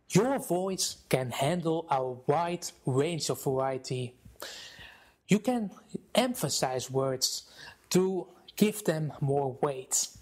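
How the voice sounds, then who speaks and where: A man giving instructional talk to camera on presentation skills, expressive and deliberate, switching between loud and soft. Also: fairly high pitch.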